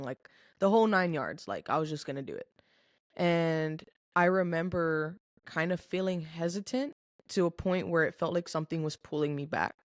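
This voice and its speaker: Her deep voice carries an earnest, emotional personal testimony, shared in casual chat as a podcast guest. She's a young adult woman speaking candidly, her talk thick with fillers, especially "like". Studio-quality audio, no room sound.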